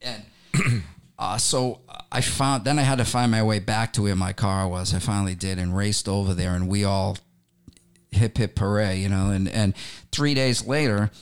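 A man, a musician, telling animated stories about his career in a relaxed interview, with many fillers and restarts. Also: on the low side, normal speed, clean tone. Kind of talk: storytelling interview talk.

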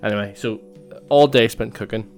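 A young man tells a story in a relaxed, meandering way, full of fillers and false starts. His voice sits on the low side. Faint music plays underneath. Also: brisk. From Northern Ireland. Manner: rambling, many fillers and restarts. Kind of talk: casual personal storytelling.

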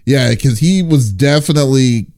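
A man's voice: medium pitch, normal speed, a little mellow. A man hosting a podcast interview, asking long rambling questions with many restarts. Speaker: podcast host. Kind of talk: casual interview chat.

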